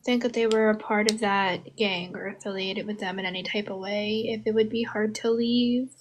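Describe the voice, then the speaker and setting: A woman's voice: medium pitch, fairly even intonation, normal speed. A woman speaking hesitantly in an online voice chat through a noisy microphone.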